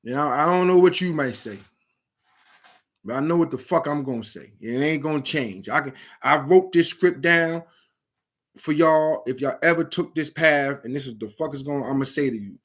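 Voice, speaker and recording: A middle-aged man talks straight to young people about the streets and prison, with plenty of cursing and hard emphasis. His voice sits a little on the high side for a man. He sounds like a preacher working the street corner. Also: moderate pace, fairly bright tone. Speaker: vlogger giving advice to at-risk youth. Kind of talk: blunt motivational talk to camera.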